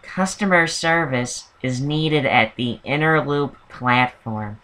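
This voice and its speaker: A man imitating a weary recorded female train announcer, nasal and drawn out in a dull monotone. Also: medium pitch, takes it slowly. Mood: bored.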